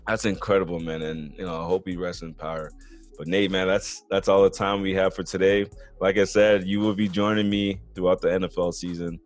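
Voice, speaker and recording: Earnest, low-voiced male podcast host. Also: level tone, fairly quick, faint music behind. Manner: earnest, peppers speech with "man" and "bro". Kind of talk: casual sports podcast chat.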